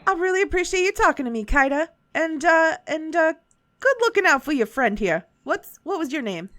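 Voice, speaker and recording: A woman's voice: sits high, lively intonation, brisk, a bit bright, no room sound, studio quality, pitched above the performer's own voice. A woman voicing a shady, folksy male tinkerer with a put-on Southern drawl, hesitant and chatty, for a tabletop game. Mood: curious. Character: shady folksy male handyman tinkerer, friendly but cagey.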